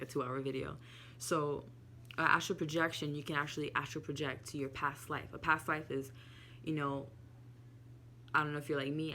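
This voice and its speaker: A woman's voice: extremely low pitch, vocal fry, pushed and bright, a little hiss or hum. A woman casually telling a personal spiritual story to camera, candid and emotional, swearing freely. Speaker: spiritual vlogger.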